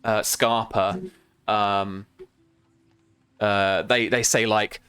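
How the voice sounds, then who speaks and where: Bright-voiced man running a game. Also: fairly low pitch, steady tone, drawn-out words, smooth, no room sound. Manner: rambling, many fillers and restarts. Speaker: game master. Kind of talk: narrating a tabletop game on a stream.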